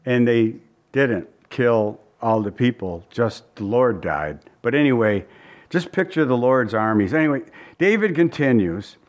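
A man's voice: mid-range voice, lively intonation, unhurried, lo-fi sound. Man, pastor, verse-by-verse bible teaching, folksy, conversational, repetitive phrasing.

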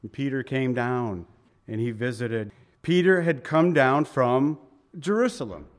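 A pastor preaching a conversational Bible-teaching sermon, opening in prayer and then explaining scripture with emphasis and asides. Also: male voice, mid-range voice, unhurried.

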